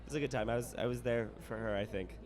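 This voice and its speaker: A man with a hoarse, raspy voice, a podcast guest chatting casually and joking about himself. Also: medium pitch, quick pace, darkish tone. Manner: laid-back, joking, self-deprecating. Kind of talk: casual chat.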